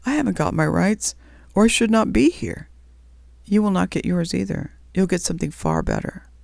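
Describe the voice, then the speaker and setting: A woman voicing a gentle, joyful male spirit in whispered role-play, patient and reassuring. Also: on the low side, expressive, normal speed, vocal fry, dry recording, studio quality. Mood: serene.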